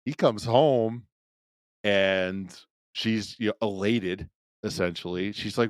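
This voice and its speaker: A man's voice: on the low side, takes it slowly, dry recording. A man co-hosting a casual podcast chat, telling a crude anecdote and acting out the quoted voices. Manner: storyteller, acts out quotes in a raised voice; frequent restarts, crude jokes. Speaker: podcast co-host.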